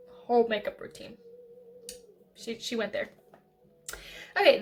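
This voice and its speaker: A young woman with a fairly high voice chats to camera about her favorite makeup. She gushes enthusiastically, piling up fillers and restarts as she goes. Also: fairly bright tone, slight background noise. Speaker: beauty vlogger. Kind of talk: casual makeup favorites chat.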